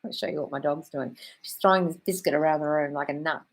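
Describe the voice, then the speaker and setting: A woman's voice: low voice, fairly even intonation, quick pace, low-quality recording. A woman hosting a live stream, reading out viewer questions and answering them in a breezy, chatty way, calling everyone darling. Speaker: host.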